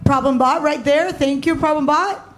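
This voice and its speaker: A woman's voice: high voice, moderate pace, noisy background. A woman interviewer asking questions in an upbeat, playful way. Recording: clip with loud crowd behind.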